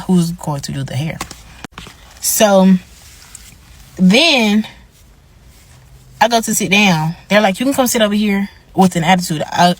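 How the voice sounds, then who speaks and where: A young woman telling a storytime rant, acting out what people said. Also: lowish voice. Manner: animated, acts out dialogue. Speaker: vlogger.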